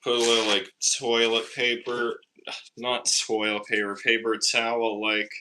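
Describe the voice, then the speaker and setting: A man's voice: mid-range voice, monotone, unhurried, sharp tone, slight background noise, poor audio. A man chatting casually on a phone livestream from his home kitchen, rambling and repeating his phrases as he makes coffee. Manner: rambling, repeats phrases, self-conscious asides. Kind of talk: casual livestream chat while cooking. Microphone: phone camera.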